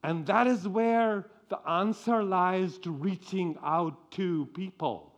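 A man preaching a sermon, speaking slowly with frequent repeated restarts. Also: high voice, animated.

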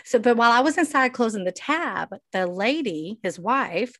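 A woman's voice: a little high, expressive, normal speed, fairly bright tone, no echo. Chatty woman telling a story, dry sound. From Texas. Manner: rambling anecdote with acted-out quotes. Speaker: podcast co-host. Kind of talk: casual chat, storytelling.

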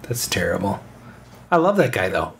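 Guy cohosting a podcast, voice jumps all over the place, excitable and quick to laugh. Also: lowish voice, gravelly, a little hiss or hum. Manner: excitable, bouncy, laughs easily. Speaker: podcast co-host. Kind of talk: casual chat.

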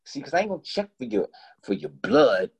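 A man guest telling a story in casual talk, animated and profane, acting out both sides of each conversation. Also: medium pitch, brisk, husky.

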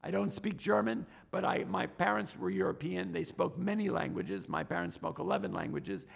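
Gravelly New man, high voice. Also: normal speed. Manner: animated, repeats and restarts words often. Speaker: podcast guest, stock trader. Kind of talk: casual interview storytelling.

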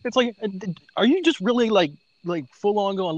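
A man's voice: high-pitched, animated, moderate pace, no echo, highs cut off. Laughing man in playful banter. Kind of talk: casual chat.

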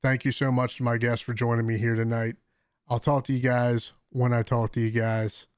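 Male podcast host, relaxed and friendly, dry close sound. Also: medium pitch, moderate pace, no room sound. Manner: easygoing, laughs often. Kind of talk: casual chat.

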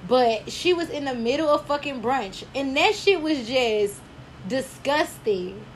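A woman with a high voice co-hosts a casual chat, crude and outspoken, hammering her points home. A faint hiss runs under the recording. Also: animated, unhurried. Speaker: podcast co-host.

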